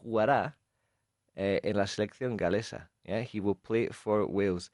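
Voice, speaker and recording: A man's voice: lowish voice, moderate pace, darkish tone, no room sound, studio quality. A man with a Scottish accent, co-hosting a radio show and patiently explaining English expressions with examples, slipping into Spanish now and then. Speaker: radio co-host teaching English.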